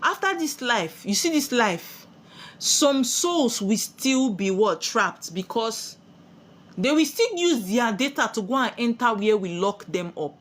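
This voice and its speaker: A woman's voice: fairly high pitch, animated, measured pace, slight background noise. A woman with a Nigerian accent giving a spiritual sermon, preachy and full of rhetorical questions she answers herself. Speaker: spiritual teacher.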